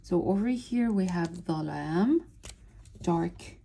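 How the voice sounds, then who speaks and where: Slow, patient woman teaching to read. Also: on the low side, expressive, gravelly, dark tone. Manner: sounds out syllables slowly and repeats words. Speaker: Arabic teacher. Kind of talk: slow step-by-step reading lesson.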